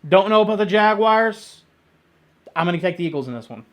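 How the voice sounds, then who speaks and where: Excitable high-voiced man making sports picks. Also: a little fast. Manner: excitable, blunt, jokey, sometimes loud. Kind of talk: casual football picks monologue.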